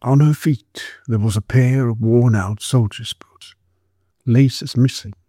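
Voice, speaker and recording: A man narrating a period story in a measured, descriptive way. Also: mid-range voice, mellow, no echo, studio quality.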